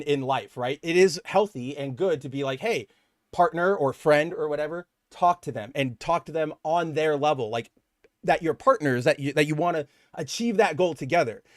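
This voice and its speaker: A man's voice: on the high side, dry recording, clean studio sound. A young man co-hosting a casual comic book podcast, talking in long rambling stretches and acting out characters' lines. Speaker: podcast co-host.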